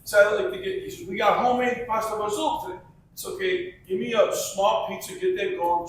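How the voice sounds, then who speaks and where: A man telling an animated anecdote and acting out the voices of the people in it. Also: high voice, a little fast, slight background noise. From Chicago. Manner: acts out the voices in his story. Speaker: restaurant customer. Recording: echoey room, far from mic.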